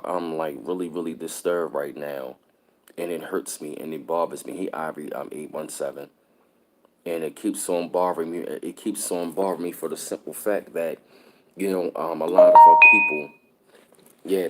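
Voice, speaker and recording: Deep voiced guy on a live stream, upset, keeps repeating himself and saying hi to chat. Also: a little hiss or hum. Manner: repetitive, somber, greets chat viewers mid-sentence. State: upset and disturbed. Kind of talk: casual live stream talk.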